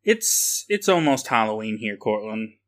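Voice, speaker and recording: A man's voice: lowish voice, big pitch swings, a little slow. A man hosting a casual podcast, opening the show and teasing his co-host with dry humor. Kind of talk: casual chat.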